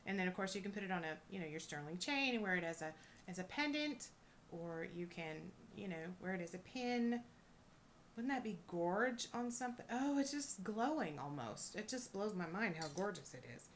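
A woman reselling jewelry, chatting casually and gushing with excitement as she unboxes a thrift lot. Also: medium pitch, moderate pace, slight background noise. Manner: gushing, excitable, lots of oohs and little laughs.

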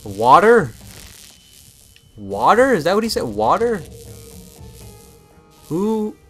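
Excitable young man narrating a game. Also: high voice, takes it slowly. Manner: excitable, confused exclamations. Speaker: gameplay commentator. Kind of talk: casual let's-play commentary. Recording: game music under voice.

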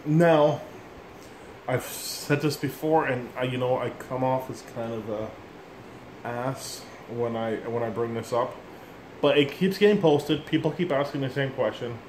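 This middle-aged man speaks in a steady, unhurried mid-range voice that's a little mellow, with a slight hiss or hum on the recording. He's an instrument teacher giving an informal lesson, blunt and rambling, and he labels himself an ass for it. An instrument plays in the echoey room.

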